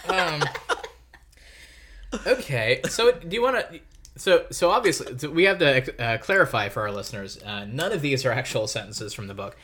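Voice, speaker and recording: Giggly, animated man hosting a podcast. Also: medium pitch, moderate pace, a little hiss or hum. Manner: chatty, laughing, full of fillers. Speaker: podcast host. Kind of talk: casual podcast chat.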